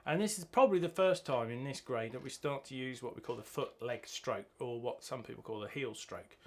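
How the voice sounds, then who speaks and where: A man's voice: mid-range voice, brisk, a little hiss or hum. A man teaching a drum lesson, chanting rhythm words as he plays. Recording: loud drumming behind the voice. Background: drum kit playing.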